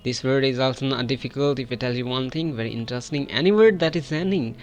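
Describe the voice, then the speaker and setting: A man from Pakistan with a Pakistani accent, teaching English pronunciation and stretching out model words for the listener to repeat. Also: mid-range voice. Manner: drawn-out model words for repetition. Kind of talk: pronunciation lesson with repeat-after drills.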